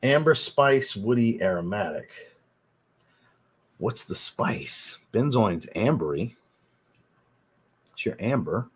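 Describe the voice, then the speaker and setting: A man with a husky, slightly breathy voice talks casually into a desk mic during a livestream. He thinks out loud, unsure at times, and answers viewers' chat messages between his own thoughts. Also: medium pitch, animated, slow pace, pauses often. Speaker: fragrance livestream host.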